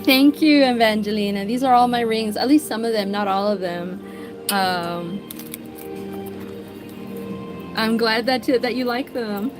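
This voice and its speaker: Higher-voiced us woman greeting her chat one by one, music playing behind. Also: unhurried, pauses often. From United States. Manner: friendly, greets chat viewers by name and reads comments. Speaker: livestream artist host. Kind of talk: casual livestream chat. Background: background music.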